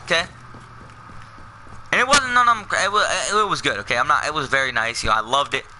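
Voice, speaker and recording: A man's voice: a little high, fairly quick, bright, forceful tone, a little hiss or hum, poor audio. A young man telling a personal story in a casual, rambling way, full of fillers and self-corrections. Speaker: vlogger.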